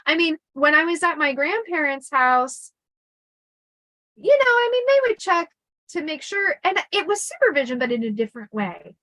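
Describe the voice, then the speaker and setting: Middle-aged woman chatting about her childhood, fairly high voice, lots of fillers, dry close sound. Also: big pitch swings, normal speed, bright, forceful tone, dry recording, poor audio. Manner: chatty, laughing, many fillers and restarts. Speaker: podcast host telling her life story. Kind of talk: casual storytelling chat.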